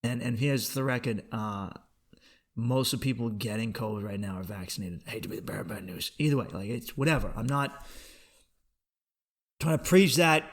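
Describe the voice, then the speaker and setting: A man's voice: medium pitch, brisk. Profane riffing male comedy podcast host. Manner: profane, riffing, laughing at own jokes. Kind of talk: comedic monologue.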